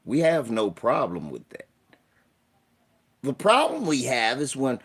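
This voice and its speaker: Young man, casual livestream host, lively swooping pitch, unhurried storytelling. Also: breathy edge. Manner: animated storytelling, puts on voices and mock formal talk. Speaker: streamer host.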